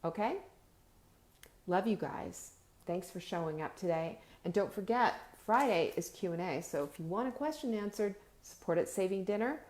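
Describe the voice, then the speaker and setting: A woman's voice: mid-range voice, lively intonation, moderate pace. A woman gives an emphatic, motivational live-stream talk and speaks straight to her viewers. She stretches out her key words and often repeats a word before she carries on. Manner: addresses viewers warmly and directly, reads their comments aloud. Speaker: host of a live video show.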